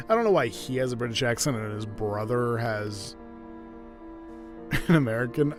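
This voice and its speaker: A man's voice: medium pitch, lively intonation, moderate pace, pauses often, soft background music. A man casually commenting while he plays a video game, chatty and joking. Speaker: gameplay commentator.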